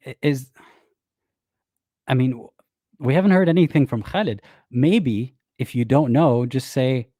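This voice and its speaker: Sarcastic guy doing reaction commentary, mellow voice, mocking, dry close sound. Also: mid-range voice, animated, normal speed, no echo. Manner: sarcastic and mocking, quotes others in exaggerated voices. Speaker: commentary host.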